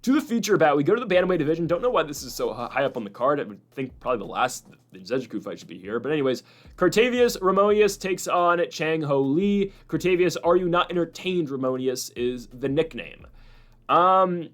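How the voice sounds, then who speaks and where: A man's voice: a little high, animated, a little fast, fairly bright tone. A man hosting a casual talk show, rambling and opinionated, with many restarts and asides. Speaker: host. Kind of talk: casual chat.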